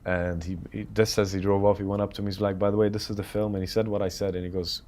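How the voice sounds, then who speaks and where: Emirati filmmaker guest, thirties, lowish voice, lively anecdotes full of quoted dialogue. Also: male voice, fast, a little hiss or hum. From United Arab Emirates. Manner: animated, quotes others while telling anecdotes. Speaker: film director guest. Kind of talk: casual interview storytelling.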